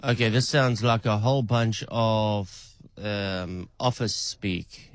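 A man's voice: fairly low pitch, fairly even intonation, slow pace, no room sound. A man calling an AI voice agent and testing it with playful, probing questions. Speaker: caller testing an AI.

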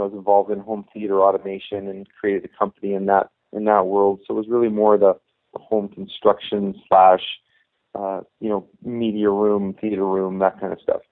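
A middle-aged man, a youth hockey coach, telling a long story in a casual interview, full of restarts and "you know". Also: on the low side. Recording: tinny phone-line sound.

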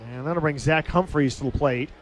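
A man calling a minor league baseball game on radio, telling a funny story between pitches and laughing at it. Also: moderate pace. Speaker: baseball play-by-play announcer.

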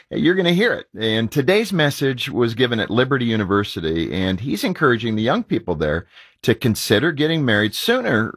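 A man's voice: medium pitch, breathy edge, dry recording, studio quality. A man hosting a radio show, introducing a guest with enthusiasm. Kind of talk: casual radio chat.

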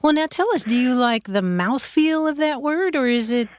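A woman hosts a radio call-in show in a slightly high voice. She is playful and laughs easily with callers. Her voice sounds close and dry. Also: expressive, moderate pace, no echo.

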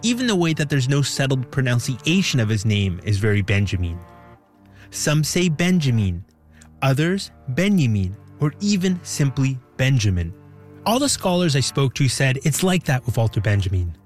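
A man hosting and narrating a documentary in a lively, wondering manner. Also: medium pitch, normal speed, soft background music. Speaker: documentary host.

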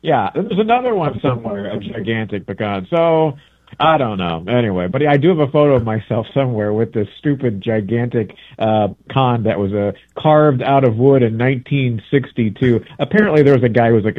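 A male travel book author, interviewed as a guest on a casual radio show, rambles chattily and corrects himself as he goes. He's on a phone, so the line sounds tinny and the recording dry, and his mid-range voice is lively in intonation and brisk.

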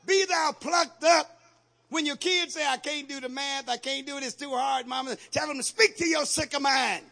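A male pastor preaching a sermon with call-and-response, building from steady teaching to shouted exhortation. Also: extremely high pitch.

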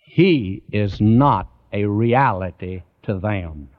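A man's voice: lowish voice, animated, takes it slowly. A man preaching a sermon in an earnest way, often turning to the listeners with direct questions. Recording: dull lo-fi recording.

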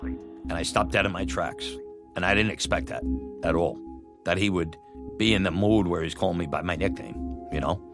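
A middle-aged man telling a personal story, animated and laughing often, acting out what others said. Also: deep voice, normal speed, pauses often. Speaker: storyteller, former batboy. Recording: music bed under voice.

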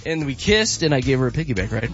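On a morning radio show, a man with a mid-range voice talks fast, chatting casually and telling lively stories into a studio mic. The broadcast audio is muffled, with faint music underneath.

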